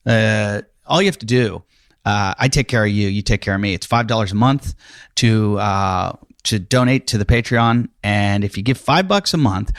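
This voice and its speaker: A man's voice: lowish voice, no room sound. Rambling male podcast host, dry mic. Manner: rambling, lots of fillers and self-mocking asides. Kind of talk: casual podcast intro and chat.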